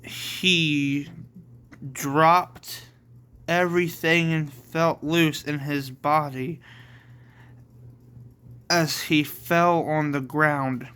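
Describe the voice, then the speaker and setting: A man's voice: on the high side, fairly even intonation, very slow, pauses often, bright, forceful tone, clear, resonant tone. A man reading his own homemade story aloud, plainly and with self-corrections.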